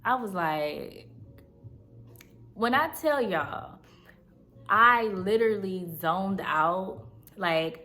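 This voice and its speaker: A woman's voice: lowish voice, gravelly, a bit bright, slight background noise. A woman in her thirties from Southern California, telling her own life story to her viewers in a chatty, confiding way and often checking in with them. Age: 30s. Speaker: vlogger. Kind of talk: personal story time.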